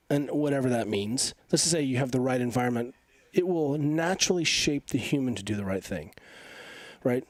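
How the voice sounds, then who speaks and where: A man in his forties, stuffy from allergies, talking in an energetic, emphatic and rambling way as a podcast guest. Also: mid-range voice, a little fast, dry recording. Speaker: podcast guest, coach and physical therapist. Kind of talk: casual interview talk.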